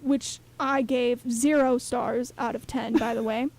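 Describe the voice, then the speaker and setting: A young woman co-hosting a radio show, talking in an animated, rambling way full of fillers. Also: fairly high pitch, unhurried. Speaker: radio co-host. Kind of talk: casual radio chat.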